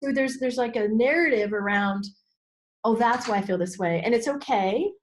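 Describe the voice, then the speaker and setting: A middle-aged woman speaks as a guest coach in an interview, her voice sitting a bit high. She talks expressively and acts out her inner voices, sometimes jumping to sudden high exclamations. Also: normal speed, a little hiss or hum. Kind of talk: animated interview talk.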